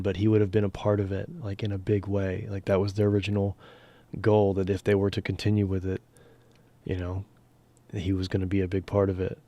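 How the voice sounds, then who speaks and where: A man's voice: fairly low pitch, mellow, no echo. A man chatting casually on a livestream about voicing characters, rambling and restarting sentences, sometimes dropping to a whisper. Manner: rambling, self-interrupting, drops to a whisper at times. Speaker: streamer and voice actor.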